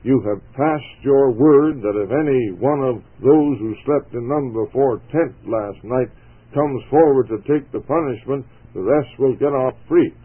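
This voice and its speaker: A man reading a gentle young soldier lad on radio. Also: medium pitch, a little slow, husky. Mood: resolute. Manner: gentle, earnest, tender. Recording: tinny phone-like radio broadcast.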